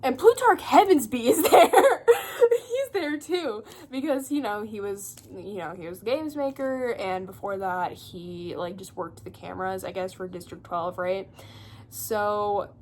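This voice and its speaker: A woman's voice: mid-range voice, expressive, a little slow, darkish tone. A young woman at home giving a rambling, profane, casual book recap full of fillers and laughter. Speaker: booktuber.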